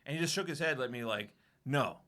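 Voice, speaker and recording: A man telling a profane, animated story on a casual podcast, acting out what everyone said. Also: mid-range voice, fairly quick. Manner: profane, animated anecdote-telling with acted-out quotes. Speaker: podcast co-host.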